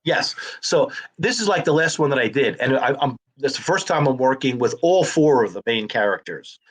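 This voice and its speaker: A man's voice: mid-range voice, normal speed. A man, an actor and comedian telling stories in a casual conversation and acting out the dialogue. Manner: animated storyteller who acts out quoted dialogue.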